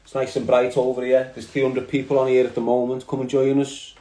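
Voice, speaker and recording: A man's voice: mid-range voice, monotone, a little fast, dark tone. Scouse man rambling on a livestream. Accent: Liverpool. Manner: rambling, streetwise slang, addresses viewers directly. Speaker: livestream host. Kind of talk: casual livestream chat. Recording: echoey room.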